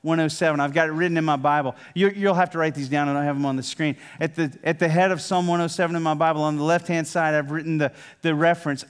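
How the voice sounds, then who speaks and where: A man preaching a sermon as pastor, reading scripture aloud and swinging between emphatic preaching and hushed, near-whispered prayer. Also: on the high side, steady tone, smooth. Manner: reads scripture aloud with dramatic pauses.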